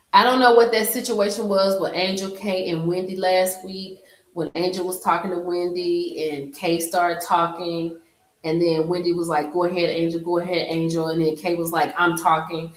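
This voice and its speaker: A woman's voice: lowish voice, echoey room, rough recording. A woman hosting a casual live stream, chatting animatedly. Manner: chatty, animated, talks to viewers directly. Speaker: livestream host.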